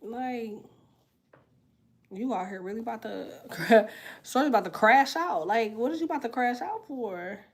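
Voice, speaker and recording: A woman's voice: fairly high pitch, animated, measured pace. A young woman tarot reader on a casual livestream, chatting bluntly and profanely while she answers comments, congested from a sinus infection.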